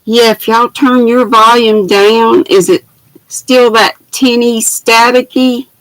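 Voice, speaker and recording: An older woman hosting a casual craft livestream, warmly greeting viewers by name with pet names and laughing often, speaking into a laptop mic at home. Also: fairly high pitch, fairly even intonation, slow, low-quality recording. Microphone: laptop built-in mic.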